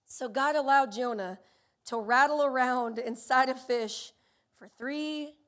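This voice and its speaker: Female pastor, 30s, high-pitched voice, animated sermon delivery that acts out characters. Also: a little slow. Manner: animated storytelling, acting out voices.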